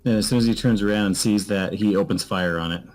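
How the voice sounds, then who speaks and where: A man's voice: fairly low pitch, fast talker, darkish tone, rough recording. A man playing a tabletop game, laying out his character's actions step by step. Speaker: player.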